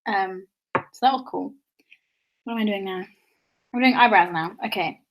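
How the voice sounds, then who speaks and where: A woman's voice: medium pitch, normal speed. Chatty, giggly woman with a posh southern English accent. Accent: fairly posh southern English with a slight London undertone. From England, London. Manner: chatty, laughs often, drifts into tangents. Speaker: livestream host. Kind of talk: casual livestream chat while doing makeup.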